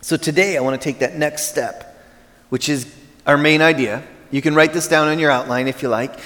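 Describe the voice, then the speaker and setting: A man preaching to his congregation, his voice a little high for a man and carrying a long reverb from a big church hall. He tells a story in a loose, conversational way before he settles into steady teaching. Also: normal speed. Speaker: pastor. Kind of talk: sermon.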